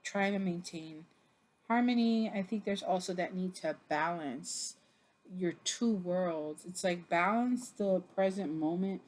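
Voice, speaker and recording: A woman giving a casual tarot reading to camera, chatty and expressive, with a loose delivery full of fillers, who laughs and swears when something surprises her. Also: fairly low pitch, measured pace. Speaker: tarot reader.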